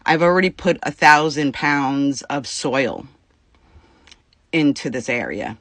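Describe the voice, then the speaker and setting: A woman's voice: rumbling low, expressive, slow, a bit bright, no echo. A woman venting to her viewers about a personal dispute, upset and near tears, swearing freely and talking in bursts. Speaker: vlogger. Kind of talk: casual venting to camera.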